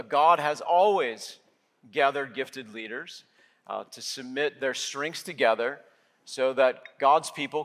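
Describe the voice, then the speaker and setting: A man's voice: medium pitch, fairly bright tone. A middle-aged man, a lead pastor, giving a sermon in a conversational way with many filler words. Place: church sanctuary. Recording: long hall reverb.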